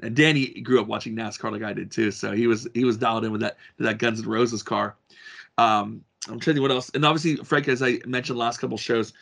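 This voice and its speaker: Gravelly man rambling about racing. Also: medium pitch, fairly bright tone. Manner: rambling, many restarts and fillers. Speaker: podcast co-host. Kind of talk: casual sports chat.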